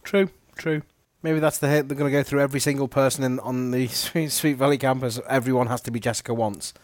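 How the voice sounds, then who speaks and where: A man co-hosting a casual book podcast, relaxed and musing, with dry asides. His voice is mid-pitched and recorded close and dry. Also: fast talker, no echo. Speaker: podcast co-host. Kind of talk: casual chat recapping a book.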